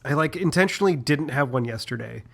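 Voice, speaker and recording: A man's voice: a little high, lively intonation, fast, gravelly, fairly bright tone. A man co-hosting a casual podcast chat, a few beers in, rambling loosely and swearing casually. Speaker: podcast co-host.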